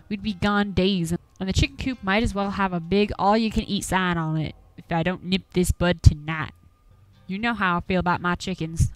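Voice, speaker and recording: A grumbling old Appalachian chicken farmer with a folksy drawl, put on by a woman with a lowered voice. He scolds and warns in a dry, close recording, stubborn to the bone. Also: no echo, lightly acted, low-quality recording. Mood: scolding. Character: gruff old rural man, stubborn chicken farmer and hunter.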